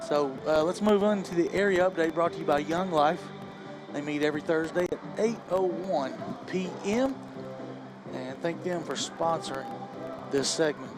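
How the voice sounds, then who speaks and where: A man's voice: fairly high pitch, moderate pace, over music, low-quality recording. A man hosting a casual pregame sports show outdoors at a football field. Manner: casual, conversational, leads the segment. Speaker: play-by-play host.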